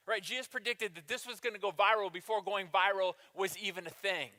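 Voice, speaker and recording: High, bright, lively preacher in a reverberant hall. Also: male voice, fairly quick, few pauses. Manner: lively, jokey preacher who acts out the people in the story. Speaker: pastor. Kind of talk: sermon. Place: church hall. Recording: long church-hall reverb.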